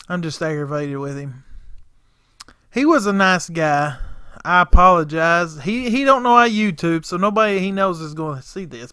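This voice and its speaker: A man with a drawl tells his viewers a story in a casual, folksy way. His voice sits high and sounds bright and crisp, recorded close and dry with no room echo. He acts out both sides of every exchange with gusto. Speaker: lawn care business owner, channel host.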